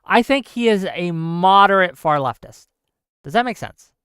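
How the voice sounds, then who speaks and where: A man's voice: high voice, lively intonation, moderate pace, a bit bright, clear, resonant tone, dry recording, clean studio sound. A man hosting a political commentary livestream. He talks in an impassioned way, repeats himself for emphasis and keeps checking in with listeners by asking "right?". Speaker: livestream host.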